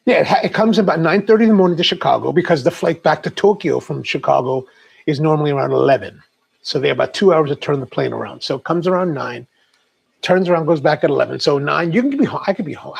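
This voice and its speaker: Gravelly-voiced middle-aged male host. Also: fairly high pitch, expressive, quick pace. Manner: chatty, rambling storyteller. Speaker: livestream host. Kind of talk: casual livestream chat.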